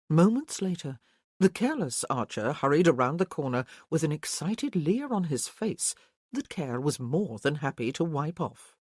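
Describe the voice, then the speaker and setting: Steady audiobook narrator, dry sound. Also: mid-range voice, no echo. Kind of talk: audiobook narration of a historical romance.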